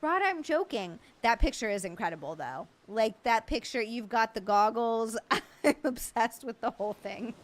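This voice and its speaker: A woman with a somewhat high voice chats casually on her livestream, greeting viewers by name and answering their comments. She is excitable and laughs easily. She talks loosely and off the cuff. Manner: excitable, chatty, quick to laugh. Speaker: livestream host.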